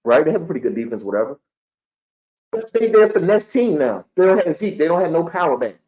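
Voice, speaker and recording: Young man, streaming fan-show host, heated repetitive rant, fairly high voice. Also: big pitch swings, fast talker, darkish tone, poor audio. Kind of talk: live-streamed fan sports commentary.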